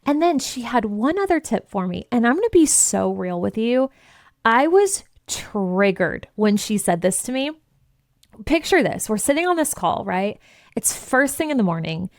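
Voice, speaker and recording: Fairly high voiced woman host telling a story, lively, cusses a lot, acts out the dialogue, dry close sound. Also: normal speed, dry recording. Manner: animated and expressive, swears freely, acts out dialogue. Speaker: podcast host and business coach. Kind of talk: candid storytelling monologue.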